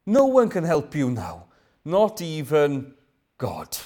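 A man's voice: on the high side, wildly swooping pitch, takes it slowly, mellow. A man preaching a sermon. He asks rhetorical questions, repeats phrases for emphasis and sometimes drops to a whisper.

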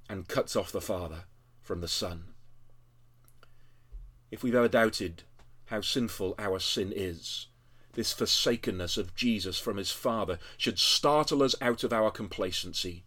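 A man preaching a sermon, earnest and measured, building to emphatic high passages, with frequent "uh" fillers. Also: lively intonation. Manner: earnest, rising to emphatic peaks with tag questions.

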